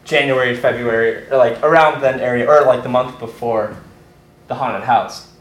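A man's voice: medium pitch, fairly even intonation, normal speed, roomy sound, poor audio. A young man animatedly telling a personal story on a live storytelling stage.

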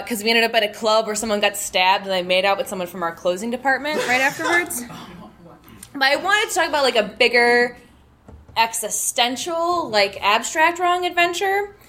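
A woman's voice: fairly high pitch, bright, forceful tone, a little hiss or hum. A young woman telling a self-deprecating story at a live show. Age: young adult.

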